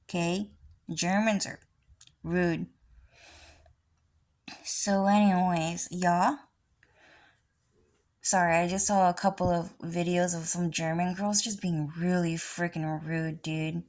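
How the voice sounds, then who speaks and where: Slow, low-voiced rambling woman vlogger. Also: fairly even intonation, darkish tone. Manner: rambling, profane, casual. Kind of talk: rambling solo monologue.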